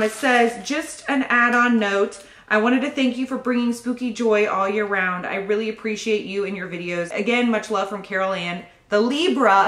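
A woman's voice: a little high, a bit bright, reverberant. A pregnant woman, gushing and laughing as she opens baby gifts in a casual vlog. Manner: gushing, giggly, often laughing. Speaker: channel host opening fan gifts.

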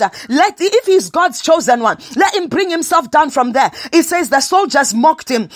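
A woman leading a fervent morning prayer sermon, repeating phrases with frequent "uh" fillers and sometimes drifting into sung lines. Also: high-pitched. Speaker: prayer leader.

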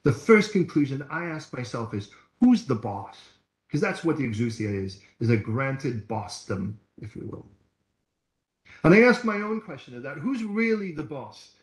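Storytelling pastor preaching in an echoey hall. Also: male voice, medium pitch, very animated, moderate pace. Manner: storytelling preacher, acts out quoted voices. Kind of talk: sermon. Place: church hall.

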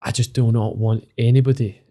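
A Scottish footballer in his thirties, appearing as a podcast guest, talks openly and emotionally and swears often. His voice is medium-pitched and dark, with a steady tone and a slightly fast pace.

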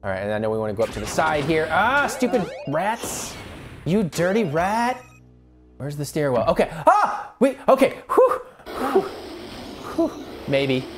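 A man's voice: fairly high pitch, normal speed, over music. A man co-hosting a let's play, giving casual gaming commentary and yelping and swearing at the game. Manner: excitable, yelps and swears at the game.

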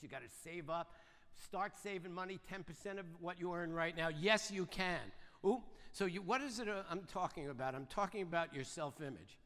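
An older man delivers a rapid, punchy motivational seminar talk, often tossing quick questions to the crowd. His voice is bright and forceful, a touch high for a man, and it rings out with the long reverb of a large hall. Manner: fast, punchy, keeps asking the audience "right?" and "yes or no?". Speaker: seminar speaker.

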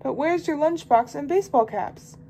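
A woman doing a low, soothing mother frog. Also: expressive, moderate pace, mellow, slight background noise.

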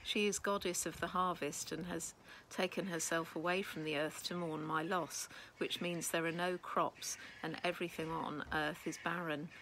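A woman voicing a gentle, tearful young goddess who speaks softly and pleadingly. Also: lowish voice, steady tone, moderate pace, slight background noise, poor audio. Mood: sorrowful. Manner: soft-spoken, pleading.

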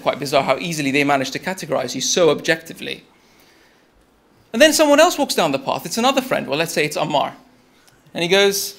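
A man's voice: fairly high pitch, expressive, fast talker, vocal fry, a bit bright. A young man giving a TED-style talk, telling a story in a conversational way and speaking to the audience directly.

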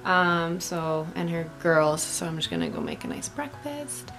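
A woman with a rough morning voice talks softly to camera, sometimes slipping into a whisper. Her voice has a gravelly fry, and music plays behind her. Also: on the low side, huge pitch swings, a little slow. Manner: soft and hushed, dropping to a whisper at times. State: morning voice, just woke up. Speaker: vlogger. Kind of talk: casual vlog talk to camera. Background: music playing.

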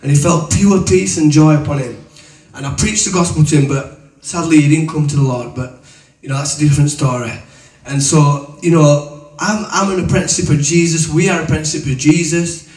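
A man preaches in a loose, colloquial storytelling way, his voice sitting a little high. He is heard from some distance off the mic. The room around him rings with echo. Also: brisk, darkish tone. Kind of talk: testimony and teaching. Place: room with an audience. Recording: echoey room, voice from away from the mic.

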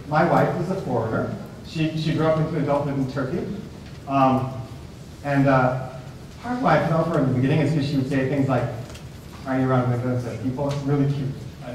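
Male professor, higher voice, lively and questioning; distant, echoey hall recording. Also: slight background noise. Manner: lively, animated, with many restarts and questions to the class. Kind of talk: discussion-led class talk.

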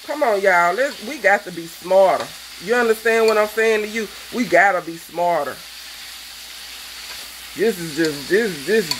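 A woman's voice: mid-range voice, background noise. A woman, a cooking show host, delivering a fervent, preachy rant that scolds her viewers. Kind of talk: impassioned vlog rant.

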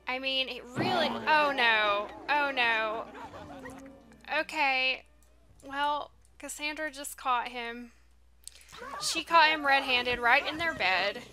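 A woman's voice: high voice, slow, over music. A woman doing casual gameplay commentary, reacting with dismay and talking to the characters on screen. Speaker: let's play host.

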